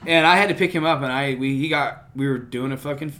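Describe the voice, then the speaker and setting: A man's voice: mid-range voice, fast talker, crowd noise. A man in his thirties, an army veteran, telling war stories with lots of swearing in casual podcast chat. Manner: animated storyteller, swears a lot.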